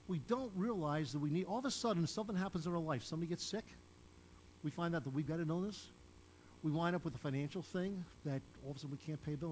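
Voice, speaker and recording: A man's voice: fairly high pitch, a little mellow, a little hiss or hum, low-quality recording. An older man preaching a sermon as pastor, talking to the congregation in a conversational way, asking them questions and acting out quoted lines. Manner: conversational, asks the listeners questions; acts out quoted lines in a raised voice.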